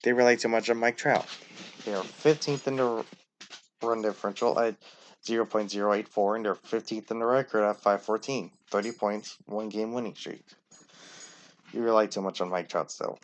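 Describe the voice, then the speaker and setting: A man's voice: lowish voice, fairly even intonation, moderate pace, a little hiss or hum. A man giving casual, opinionated rankings commentary and talking straight to the teams. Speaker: sports commentator.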